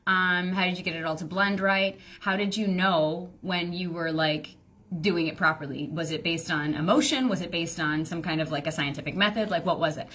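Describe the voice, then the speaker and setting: A woman's voice: on the low side, fairly even intonation, normal speed, fairly bright tone. A woman business coach teaching casually on a live stream, rambling and chatty with lots of fillers.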